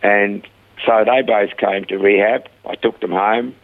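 A man guest telling lively stories about his ministry, acting out the people he quotes, heard over a phone line. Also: fairly low pitch, unhurried, no room sound. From Australia. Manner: animated storyteller, acts out quoted voices. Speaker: guest, rehab ministry founder. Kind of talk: conversational storytelling interview. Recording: dry phone-line sound.

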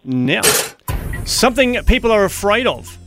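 A man's voice: high voice, very animated, measured pace, over music. A man co-hosting breakfast radio and reading out quiz prompts, upbeat and encouraging. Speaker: radio co-host running a quiz.

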